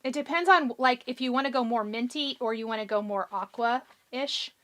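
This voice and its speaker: A woman with a high, bright voice hosts a live craft tutorial, talking through each step as she works and answering viewers as their comments come in. She sounds chatty and encouraging, and her voice is a little hoarse. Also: normal speed. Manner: chatty, encouraging, thinks aloud while working. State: a bit hoarse. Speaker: craft show host.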